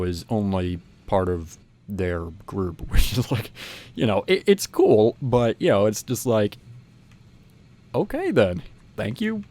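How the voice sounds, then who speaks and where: A young man with a low-pitched voice recounts a story in casual, chatty fashion. He rambles, restarts his sentences and leans on fillers as he goes. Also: darkish tone. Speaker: channel host.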